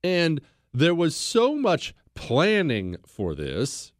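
A man's voice: fairly high pitch, huge pitch swings, drawn-out words, dry recording, studio quality. A man hosting a talk show, giving an emphatic, blunt history monologue and repeating phrases for stress.

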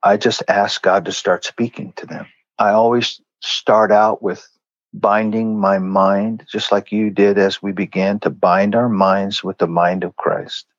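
Earnest male guest, lowish voice, dry muffled lo-fi sound. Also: no room sound. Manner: earnest, conversational, acts out quoted lines. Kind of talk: storytelling in a faith interview.

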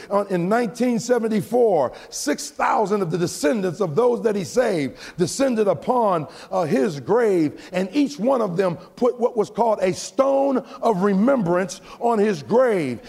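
A man from the United States preaches in a big reverberant hall, his high voice carrying a rough, husky grain. He works in a rhythmic cadence that climbs into shouted, almost sung peaks. It sounds like a live church sermon. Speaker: pastor.

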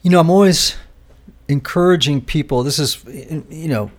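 A man hosting a podcast interview, telling stories with animated asides. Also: fairly high pitch, normal speed. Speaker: podcast host. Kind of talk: casual interview chat.

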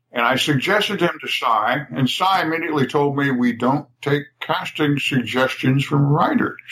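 Older writer guest, bright-voiced, rambling, laughing raconteur. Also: male voice, on the high side, rough recording. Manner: chatty storyteller, laughs often, repeats words. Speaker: guest writer telling stories. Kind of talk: casual anecdotal interview.

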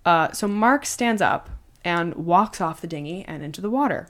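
Lower-voiced woman telling a story. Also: normal speed. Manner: conversational, animated retelling with fillers. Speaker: podcast host. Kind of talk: casual storytelling.

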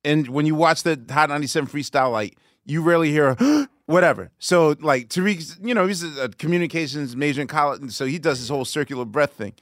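A male podcast host in a slightly high voice, recorded dry and close. He talks with enthusiasm and reflection, wandering through long asides. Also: fast, hardly any pauses, dry recording. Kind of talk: conversational interview.

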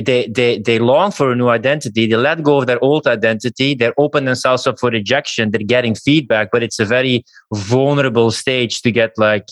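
A man hosting a podcast who asks questions and reflects in a measured, thoughtful way. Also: medium pitch, no room sound. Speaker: podcast host. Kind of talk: casual podcast conversation. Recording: dry, close sound.

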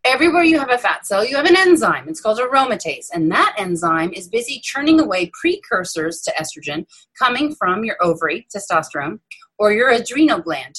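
Lively husky-voiced woman surgeon. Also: mid-range voice, rough recording. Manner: enthusiastic, self-mocking, playful asides. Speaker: breast cancer surgeon, guest. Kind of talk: animated explanatory interview talk.

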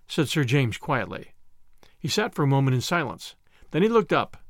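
A man narrating a novel as an audiobook reader, steady and even-toned. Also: medium pitch, normal speed, dry recording, clean studio sound.

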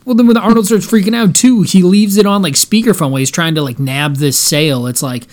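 A man in casual chat with friends, animated, acting out characters' lines as he talks. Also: sits high, brisk. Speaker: podcast co-host.

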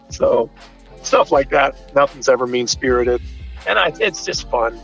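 A man's voice: mid-range voice, brisk, gravelly, a bit bright, dull audio, soft background music. A middle-aged man, a baseball coach, telling a playful prank anecdote in a wry tone. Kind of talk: anecdote in interview.

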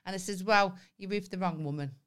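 A woman, co-hosting a podcast in casual chat and telling stories in a lively, sweary way. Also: on the low side, a little fast, smooth. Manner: sweary, animated storytelling with laughs. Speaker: podcast co-host.

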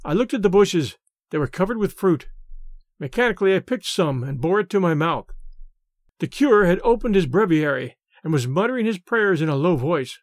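A man reading classic stories aloud in a measured, dramatic narration. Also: sits high, animated, no room sound, clean studio sound. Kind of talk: scripted story narration.

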